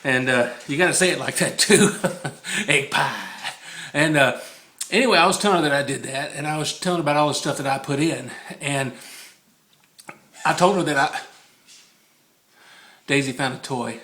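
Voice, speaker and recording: Man, chatty home cook, bright, slightly high, rambling, laughing. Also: moderate pace, long pauses. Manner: rambling, easily distracted, laughs a lot; repeats the recipe in a sing-song. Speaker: home cooking vlogger. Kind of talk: casual cooking video chat.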